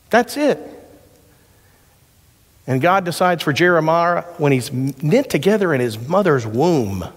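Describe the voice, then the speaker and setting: Pastor preaching in a reverberant church. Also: male voice, fairly high pitch. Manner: folksy storytelling with quick jokes. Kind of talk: sermon.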